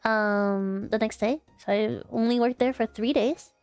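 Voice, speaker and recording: A young woman chats to her stream with a somewhat high voice, rambling and restarting her sentences as she tells a story. The sound is dry and close, with faint music underneath. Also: fairly even intonation, measured pace, darkish tone, clear, resonant tone, no room sound. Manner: rambling, with many fillers and restarts. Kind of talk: casual storytelling chat.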